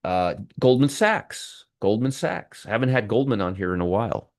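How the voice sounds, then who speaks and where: A man's voice: fairly low pitch, sing-song, moderate pace, a little mellow, dry recording, studio quality. A man hosting a live pre-market trading show, running through stock picks with a wry, teasing manner.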